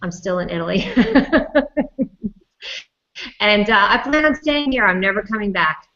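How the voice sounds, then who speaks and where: A woman's voice: medium pitch, expressive, moderate pace, sharp tone. Bubbly woman hosting a livestream. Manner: bubbly, laughs often. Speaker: livestream host. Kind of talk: casual live chat. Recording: dull lo-fi livestream audio.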